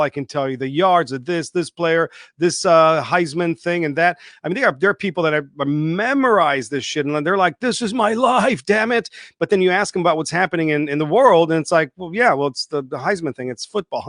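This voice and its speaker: A man's voice: fairly high pitch, a bit bright, no room sound, studio quality. Emphatic, swearing man with a raised voice. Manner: emphatic, repetitive, swears freely, mocks people in put-on voices. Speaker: online show host. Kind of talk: unscripted livestream monologue.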